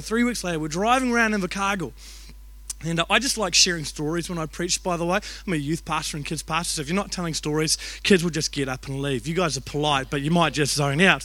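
A man, a youth and kids pastor telling stories in a sermon with animated, joking delivery. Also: a little high, fast talker. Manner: animated, jokey storytelling with acted-out voices. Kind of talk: storytelling sermon.

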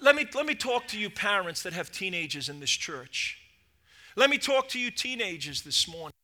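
A middle-aged man preaching a sermon as lead pastor, impassioned, swinging between shouted peaks and low asides. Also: sing-song, normal speed.

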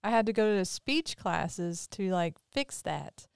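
Host: woman, Southern accent with Northern touches, mid pitch, crisp, chatty. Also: lively intonation, measured pace, dry recording, clean studio sound. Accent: Mississippi Southern with some Northern. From Mississippi. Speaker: podcast host. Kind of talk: casual chat.

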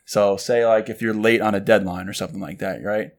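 A man co-hosting a relaxed chat, talking loosely with many fillers and acting out quoted lines. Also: fairly low pitch, fairly quick, vocal fry. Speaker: podcast co-host. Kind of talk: casual chat about books.

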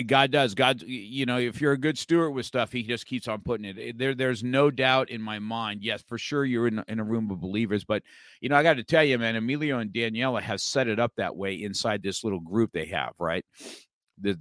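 A man's voice: on the low side, fairly bright tone, no room sound, clean studio sound. A man hosting a casual interview, laughing along and affirming his guest.

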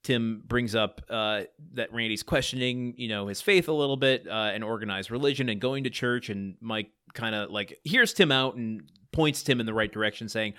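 A man's voice: medium pitch, normal speed, hardly any pauses, sharp tone, clear, resonant tone, no echo, studio quality. A man co-hosting a podcast, recapping a sitcom episode in a loose, casual way and laughing easily. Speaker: podcast co-host.

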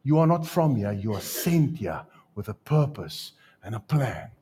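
A man with a South African accent preaching a sermon, telling stories with jokes and lively asides. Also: medium pitch, measured pace, a little hiss or hum. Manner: storytelling, joking, animated asides. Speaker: pastor.

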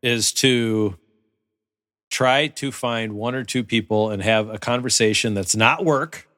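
A man's voice: medium pitch, a little slow, a bit bright. A man on a podcast chatting casually and thoughtfully about parenting. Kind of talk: casual chat.

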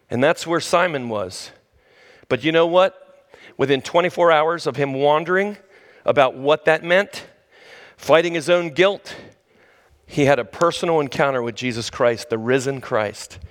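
A man preaching a sermon who talks straight to his listeners and swings between loud, high exclamations and low, hushed lines. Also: expressive, unhurried, pauses often. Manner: conversational, addresses the listeners directly. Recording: long reverb of a large hall.

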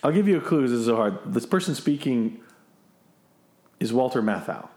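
Male quiz host, chatty and self-mocking, average pitch, roomy echo on the recording. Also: big pitch swings, a little fast, darkish tone. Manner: self-deprecating, chatty, laughing often. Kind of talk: casual podcast quiz hosting.

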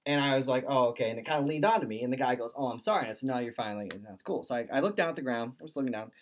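A young man spins a long story in casual conversation, stacking fillers as he goes. He slips into quick little impressions of the people he is describing, and his pitch sits in an ordinary middle range. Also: slight background noise. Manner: rambling, lots of "like", quotes people in voices. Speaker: podcast host.

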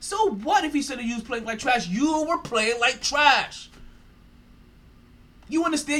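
A man's voice: very high voice, animated, unhurried, long pauses, bright, forceful tone. A man hosting a sports podcast, ranting in a profane, mocking way and laughing often. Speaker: podcast host.

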